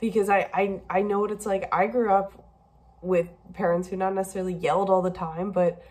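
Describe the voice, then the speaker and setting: A woman's voice: medium pitch, little pitch movement, brisk, a little mellow. Candid young woman, emotional vlog. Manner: candid, emotional, rambling with restarts. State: tearful at times. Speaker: vlogger. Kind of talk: personal video diary.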